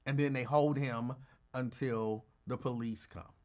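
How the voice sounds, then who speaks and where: A man's voice: medium pitch, measured pace. A male radio talk show host telling a story in a casual, teasing way and acting out the quotes. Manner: animated, teasing, acts out quotes.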